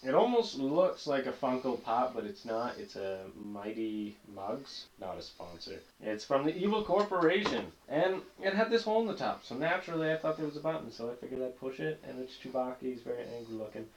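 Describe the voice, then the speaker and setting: A man's voice: medium pitch, expressive, fairly quick, few pauses. Rambling man in an echoey room. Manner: rambling, easily amused storyteller. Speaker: podcast co-host. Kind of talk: casual chat. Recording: echoey room with faint noise.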